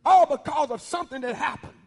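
A male pastor preaches in a church sanctuary, talking in a colloquial, animated way and teasing his congregation. His voice is very high for a man. The sound rings with a long hall reverb. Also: fast talker, vocal fry. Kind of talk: sermon.

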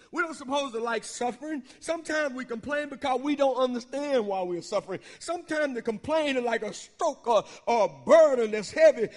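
A man preaching a sermon in a church, using call-and-response and swelling into half-sung shouts. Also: extremely high pitch. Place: church sanctuary. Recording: long church hall reverb.

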